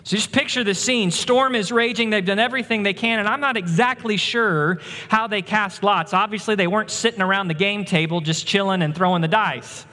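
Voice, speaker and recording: A man's voice: sits high, fairly quick, hardly any pauses, bright, forceful tone, long reverb tail. A man preaching a sermon, explaining a scripture passage and painting the scene vividly for his listeners. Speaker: pastor.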